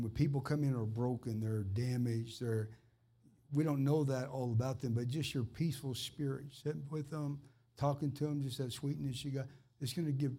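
An earnest man in informal ministry, talking straight to one listener in a plain, conversational flow. His voice sits at an ordinary middle pitch, neither deep nor high, and carries a fervent edge. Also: mellow. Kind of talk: informal preaching and personal ministry.

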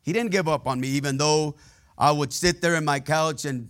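At normal speed and in a fairly high, slightly bright voice, a man delivers a sermon built around his own stories, told candidly and plainly. He keeps it conversational, pausing for call-and-response with the congregation.

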